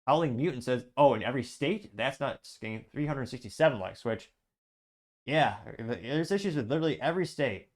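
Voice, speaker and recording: A man hosts a casual commentary show at a medium pitch. He reads viewer comments aloud and riffs on them with a dry, sarcastic edge, in a loose, conversational way. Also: expressive, a little fast. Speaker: show host.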